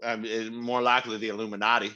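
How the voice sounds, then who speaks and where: A man's voice: on the low side, flat delivery, quick pace, highs cut off, a loud crowd. A young man co-hosting a podcast, chatting casually and telling stories with lots of swearing and laughter. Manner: profane, laughing storyteller. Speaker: podcast co-host. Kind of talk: casual chat.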